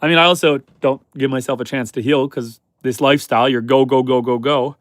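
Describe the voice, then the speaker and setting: A man from Canada hosting a homesteading livestream with a head cold, his voice stuffy and slightly hoarse, chatting upbeat with viewers and his animals. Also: mid-range voice, steady tone, fairly quick, fairly bright tone, no echo. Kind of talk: casual livestream chat reading viewer comments. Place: chicken coop on a homestead.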